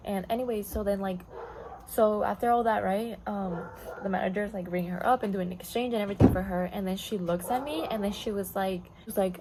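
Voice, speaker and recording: A woman's voice: medium pitch, fairly even intonation, a little fast, noisy background. Rambling, blunt woman telling a storytime. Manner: rambling, many fillers, blunt and profane; code-switches into Spanish. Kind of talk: casual storytime chat.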